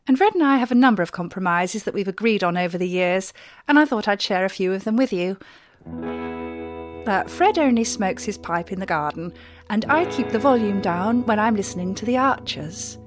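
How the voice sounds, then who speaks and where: Deadpan woman, comic radio host. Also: medium pitch, normal speed, over music.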